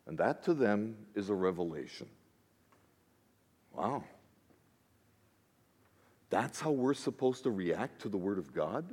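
A man, a pastor, preaching a sermon in an expressive style that swings between hushed asides and emphatic declarations. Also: fairly low pitch, normal speed, hardly any pauses, breathy edge. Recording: long reverb of a large hall.

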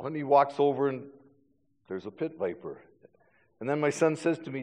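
A man's voice: fairly high pitch, animated, moderate pace, pauses often, a little mellow, long reverb tail, muffled recording. A middle-aged man preaching a sermon, telling stories with self-deprecating humor and frequent stammered restarts. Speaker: pastor.

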